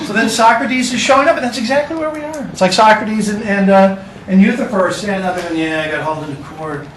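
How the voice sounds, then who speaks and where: A man's voice: sits high, brisk, recorded from a distance, slight background noise. A man teaching a class, with a casual, joking lecture manner. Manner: casual, joking, talks to students. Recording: echoey classroom recorded from afar.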